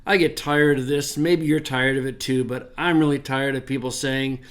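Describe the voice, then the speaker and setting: A man's voice: mid-range voice, fairly even intonation, normal speed, fairly bright tone. A man teaching a Bible lesson in a conversational way, getting emphatic when he quotes verses. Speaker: Greek scholar teaching.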